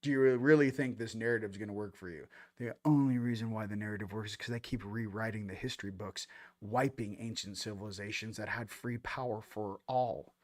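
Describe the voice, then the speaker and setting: Ranting with gusto on a relaxed spiritual talk show he hosts, a man alternates loud eruptions with low, intense moments and throws in silly sound effects and imitation voices. His tone stays steady, and he talks fairly quickly.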